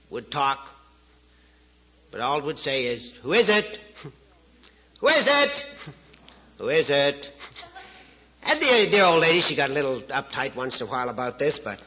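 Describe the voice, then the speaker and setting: Brief: man, guest speaker, bright, slightly high voice, folksy joke-teller. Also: poor audio. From Canada, Saskatchewan. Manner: folksy, jokey, chuckles at his own jokes. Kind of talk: storytelling speech to an audience.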